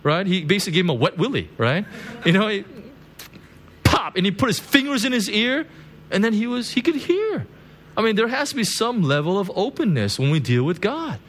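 A male pastor giving a loose, conversational sermon, his pitch swinging up and down as he talks. He keeps tagging on "right?" and "you know", and chuckles at his own stories. A faint hum of room ambience sits behind him. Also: sing-song, a little fast, fairly bright tone. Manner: chatty, constant "right?" and "you know" asides.

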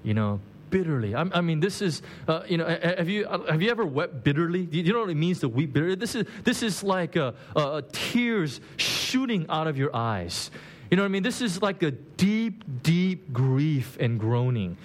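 A man's voice: on the high side, animated, normal speed. A man preaching a sermon in a conversational way, acting out the quoted lines with big swings in his voice. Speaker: pastor.

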